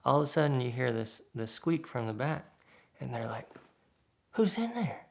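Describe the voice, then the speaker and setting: A man with a gravelly, creaky edge to his voice tells a casual anecdote. His pitch sits in an ordinary middle range. He keeps the telling lively and acts out what other people said. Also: a little fast. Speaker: guest storyteller.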